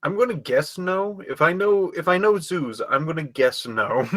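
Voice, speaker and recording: A man's voice: a little high, expressive, measured pace, fairly bright tone, dry recording. A man playing a tabletop game in a casual, laughing way. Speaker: player.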